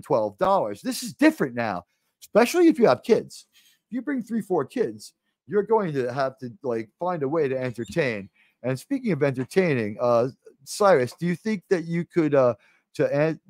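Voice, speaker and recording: A man's voice: medium pitch, dry recording, clean studio sound. Rambling New York-accented male streamer. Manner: rambling, restarts mid-sentence, animated bursts. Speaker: livestream host. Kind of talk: casual live-stream chat.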